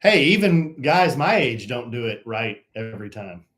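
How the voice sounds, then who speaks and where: Lively, teasing man greeting chat viewers. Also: medium pitch, moderate pace. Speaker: co-host of a live stream. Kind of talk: casual live-stream chat.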